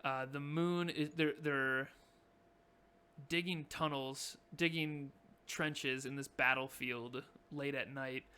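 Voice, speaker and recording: A man's voice: mid-range voice, fairly even intonation, takes it slowly, sharp tone, clean tone. A man running a tabletop game as dungeon master, narrating in a laid-back way and laughing often.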